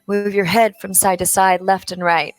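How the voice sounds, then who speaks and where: A woman's voice: medium pitch, little pitch movement, normal speed, no room sound, faint music behind. A middle-aged woman hosting a live online show from home, speaking openly and emotionally with many fillers before leading a guided breathing exercise. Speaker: show host and wellness coach. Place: home, in California.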